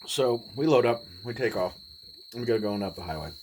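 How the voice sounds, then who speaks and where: A man in his forties, telling a personal story in a laid-back, rambling way with pauses. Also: fairly low pitch, animated, darkish tone, a little hiss or hum, poor audio. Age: 40s. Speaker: vlogger. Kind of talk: casual storytelling.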